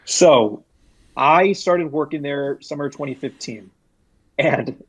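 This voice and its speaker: Young adult man, husky, dry close mic, casual rambling storyteller. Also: mid-range voice, dry recording, muffled recording. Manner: rambling, frequent restarts and fillers, animated when retelling. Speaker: guest, former retail employee.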